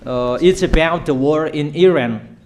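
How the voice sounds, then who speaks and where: Emphatic male preacher, fairly high voice. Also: measured pace, darkish tone. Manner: emphatic, repetitive, declamatory. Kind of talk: sermon of prophetic declarations.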